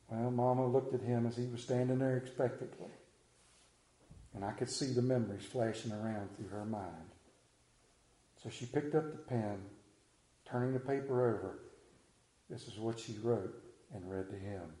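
A middle-aged man preaching a sermon in a church, telling stories dramatically, building to near shouts and dropping to hushed tones. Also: medium pitch, fairly even intonation, moderate pace, long pauses. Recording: echoey church room.

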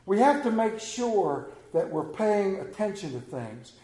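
A man preaching a sermon, telling folksy stories and swinging between loud emphasis and quiet asides. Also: high-pitched, very animated, a little slow, roomy sound. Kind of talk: sermon with anecdotes.

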